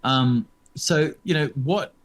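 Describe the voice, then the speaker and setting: A man's voice: a little high, takes it slowly. A man in his fifties co-hosting a podcast, talking casually with many ums and restarts. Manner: hesitant, lots of ums. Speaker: podcast co-host. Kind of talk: casual chat.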